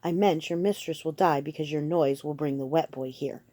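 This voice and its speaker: A woman's voice: low-pitched, moderate pace, mellow. A woman reading a guarded young male assassin. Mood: tense. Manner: terse, defensive, urgent pleading.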